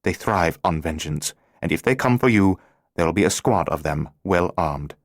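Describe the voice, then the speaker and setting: A man's voice: low voice, lively intonation, normal speed, no echo, studio quality. A man doing a terse, urgent male stranger.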